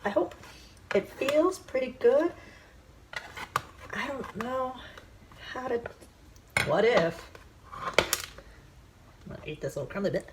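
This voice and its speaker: A woman hosting a casual cooking show from her home kitchen, talking chattily and excitably to viewers as she works through each step. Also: on the high side, slow, long pauses. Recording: background noise and clicks.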